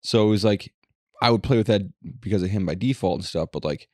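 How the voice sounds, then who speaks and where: A man's voice: fairly low pitch, quick pace, a little mellow, no echo, clean studio sound. A young man co-hosting a casual podcast, rambling with lots of swearing and filler words. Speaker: podcast co-host. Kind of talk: casual chat.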